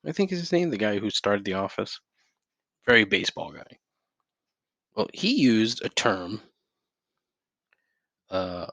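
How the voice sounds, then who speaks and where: Solo podcast host, man, low voice, profane and rambling, rants at home on a dry close mic. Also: creaky, sharp tone, dry recording. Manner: profane, rambling, with frequent restarts and outbursts.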